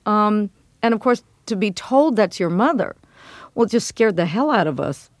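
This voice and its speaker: A middle-aged woman being interviewed as a memoir author, speaking in a measured, reflective way with frequent ums. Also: mid-range voice, lively intonation, no room sound. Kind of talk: interview conversation.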